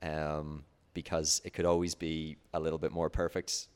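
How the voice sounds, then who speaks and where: Deep-voiced man, easygoing podcaster. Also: little pitch movement, normal speed, clear, resonant tone. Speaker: podcaster on a panel. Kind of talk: casual talk at a panel.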